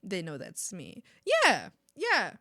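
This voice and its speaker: A young woman from Mexico chatting casually on an art stream, animated and ranting, laughing often and swearing casually. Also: on the low side, takes it slowly, dry recording, studio quality. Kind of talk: casual live-stream chat.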